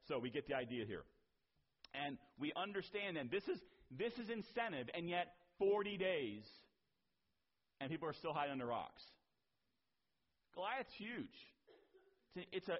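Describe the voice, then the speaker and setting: A man's voice: medium pitch, slightly rough. A man preaching a sermon as pastor, in a conversational way with asides and rhetorical questions, on a dull lo-fi recording.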